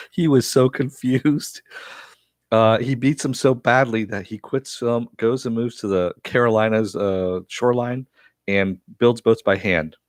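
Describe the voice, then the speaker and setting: A man giving a casual, chatty spoken recap of a TV episode, often laughing and pausing with fillers. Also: medium pitch, steady tone, no room sound, studio quality. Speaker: TV episode reviewer.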